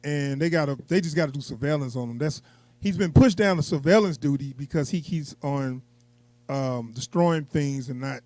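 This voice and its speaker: Male co-host for a casual film review podcast, slightly high voice, dry close sound, animated and quick to laugh. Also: dry recording. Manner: animated, laughs often, acts out quotes with a raised voice. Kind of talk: casual movie review chat.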